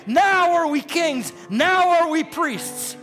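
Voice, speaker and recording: A male preacher delivering a sermon, shouting in a rising, fervent preaching cadence. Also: very high voice, animated, slow. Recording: hall reverb with faint music.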